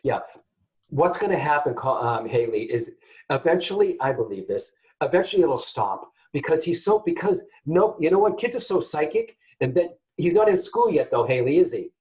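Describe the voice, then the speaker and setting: A man hosting a call-in psychic reading show, chatty and animated, often turning to address his listeners. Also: fairly high pitch, moderate pace, low-quality recording. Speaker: psychic medium host.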